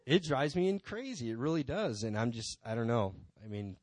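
Guy rambling thru a church testimony, casual, lotta you-knows, mid pitch, dry sound. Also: animated, fairly quick, darkish tone, no echo. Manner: rambling and conversational, many "you know" asides. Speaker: church member speaking from the pulpit. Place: church sanctuary.

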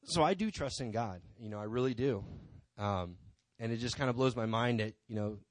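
In a church sanctuary, a male church member stands at the pulpit giving an informal testimony, chatting and rambling with plenty of asides. His voice sits in the mid-range, he speaks at a moderate pace, and there's no echo.

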